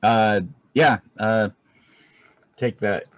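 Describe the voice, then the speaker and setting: A man's voice: fairly low pitch, steady tone, drawn-out words, no echo. A man playing a tabletop game, narrating his character's actions with some stammering. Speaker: player. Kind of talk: casual tabletop role-play.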